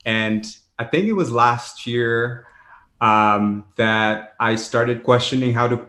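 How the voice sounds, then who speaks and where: A man hosts a podcast, speaking in a friendly, casual way and sometimes starting a sentence over. His pitch is moderate, neither high nor low. The recording has a noticeable room echo. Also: takes it slowly, bright, forceful tone. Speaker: podcast host. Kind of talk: podcast intro and casual interview.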